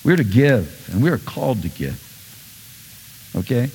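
A male pastor preaching a sermon, animated, swinging between loud bursts and soft asides. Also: mid-range voice, unhurried, creaky, big-room sound, a little hiss or hum.

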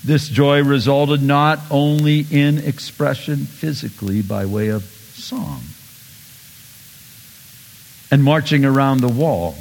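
A male pastor delivers an animated sermon in a church sanctuary, his voice sitting at an ordinary middle pitch. He swings between sudden loud bursts and quiet, soft asides. A long reverb trails each phrase through the large hall. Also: creaky.

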